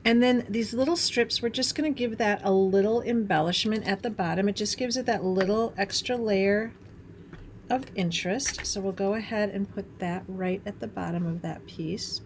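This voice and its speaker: A woman's voice: medium pitch, normal speed, a little hiss or hum. A middle-aged woman from Wisconsin hosting a craft tutorial, chatting in a bubbly way as she works and laughing at herself. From Wisconsin, USA. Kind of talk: chatty hands-on craft demonstration.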